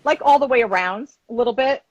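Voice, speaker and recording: Chatty guest chef from Long Island. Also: female voice, a little high, fast, no room sound, lo-fi sound. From Long Island, New York. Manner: chatty, relaxed, lots of "like" fillers. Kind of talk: casual cooking demonstration. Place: home kitchen.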